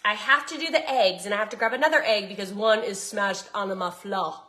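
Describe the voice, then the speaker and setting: Cooking in her home kitchen, this woman with a Southern accent keeps up a bubbly, chatty stream of talk for her viewers. She speaks briskly in a mid-range, bright voice with a forceful tone, and the room is echoey.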